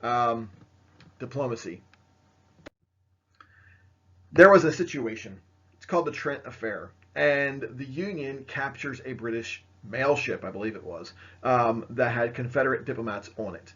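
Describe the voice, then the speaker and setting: Male teacher with a mid-pitched voice, lecturing casually over slides, dull lo-fi recording. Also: normal speed, a bit bright, breathy edge. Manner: casual, filler-heavy, pointing at slides. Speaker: history teacher.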